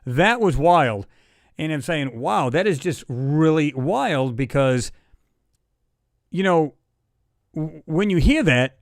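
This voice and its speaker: A man's voice: fairly high pitch, animated, takes it slowly, pauses often, no room sound, clean studio sound. A man hosting a casual livestream chat, talking in a loose, rambling way and reading viewer comments aloud. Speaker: livestream host.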